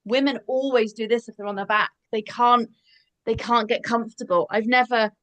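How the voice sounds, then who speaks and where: A woman's voice: on the high side, fairly even intonation, normal speed, fairly bright tone. A woman midwife joins a casual group discussion. She talks with enthusiasm and leans on her points.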